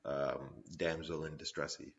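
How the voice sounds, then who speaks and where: A man's voice: rumbling low, fairly even intonation, measured pace, creaky, highs cut off. A man co-hosting a casual film chat, making dry, sarcastic quips about the movie. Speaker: podcast co-host.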